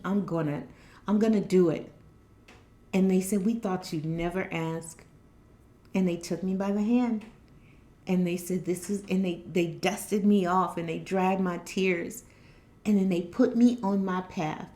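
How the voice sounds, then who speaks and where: A woman's voice: medium pitch, warm tone. A woman giving an earnest, repetitive spiritual motivational talk to her viewers. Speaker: spiritual reader.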